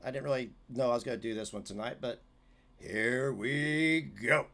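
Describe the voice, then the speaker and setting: A man's voice: mid-range voice, normal speed, fairly bright tone. A man hosting a livestream, giving heated, sarcastic, profane commentary as he reacts to clips.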